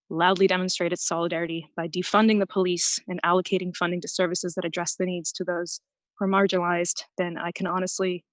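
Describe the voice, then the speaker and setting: A woman's voice: lowish voice, no room sound, poor audio. Woman, public commenter, earnest, slightly breathless, level tone, dry sound. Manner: earnest, prepared statement. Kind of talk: public comment at a council meeting. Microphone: remote call-in.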